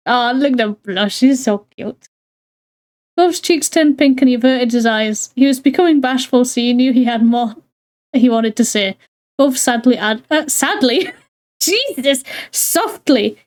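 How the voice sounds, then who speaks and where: A woman's voice: high-pitched, expressive, a little slow, darkish tone. A woman streamer reading a visual novel aloud to her chat, giggling often and breaking off with chatty asides.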